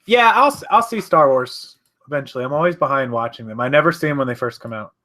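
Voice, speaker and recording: Fast and expressive, this man has a mid-range voice with a bright, forceful tone. Streaming casually from his home office, he chats loosely and rambles, correcting himself while responding to viewer comments.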